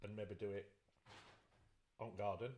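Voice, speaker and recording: A man's voice: fairly low pitch, flat delivery, measured pace, darkish tone. A man with a Sheffield accent co-hosting a podcast in casual chat, laughing often and trailing off mid-sentence. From Sheffield, England. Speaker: podcast co-host.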